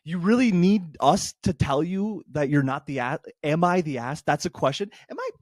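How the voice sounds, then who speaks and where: Lively, exasperated male podcast co-host. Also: fairly high pitch, moderate pace, dry recording, studio quality. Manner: exasperated, profane, laughs often. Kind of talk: casual comedic chat.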